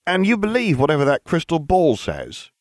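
In a storybook read-aloud, a blunt, skeptical middle-aged father, voiced by a man, fires off gruff questions, his voice raised and lively. The sound is dry and close. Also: fairly high pitch, moderate pace, no echo, voice pushed up.

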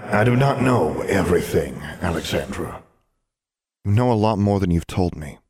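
A man's voice: low-pitched, expressive, normal speed, a little mellow. A man voicing a stern old male ghost who speaks in a formal, old-fashioned, reproving way.

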